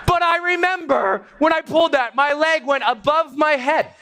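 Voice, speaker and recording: A man telling a comic story to an audience from a stage, animated and prone to loud outbursts. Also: very high-pitched, moderate pace, background noise. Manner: animated, bursts into loud exclamations. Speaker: stage speaker.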